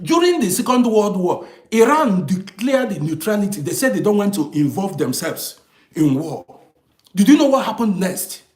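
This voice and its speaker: A man's voice: high-pitched, sing-song, moderate pace, darkish tone, reverberant. A man lecturing his live viewers in a heated, emphatic, repetitive way. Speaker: live streamer reading comments.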